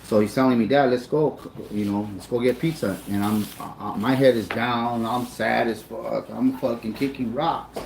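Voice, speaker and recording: A man's voice: mid-range voice, fairly even intonation, moderate pace, creaky, few pauses, a little mellow. A man tells a personal story in a loose, conversational way. He swears casually and circles back over his own words, and the emotion comes through plainly. His mid-range voice echoes around the room, with a faint hum of ambience behind it. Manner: emotional, profane, repeats himself. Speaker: storyteller recounting his son's boxing.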